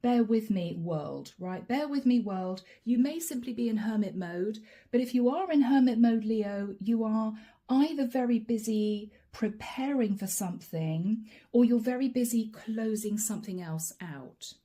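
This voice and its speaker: A woman's voice: fairly high pitch, measured pace, warm tone. A woman giving a channeled tarot reading, chatting straight to her viewers and laughing often. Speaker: tarot reader.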